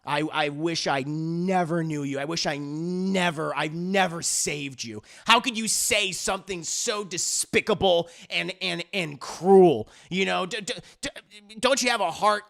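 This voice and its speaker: A man voicing a grieving teenage girl who talks flat and hushed, then turns sharply indignant. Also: a little high, measured pace, vocal fry. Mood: furious.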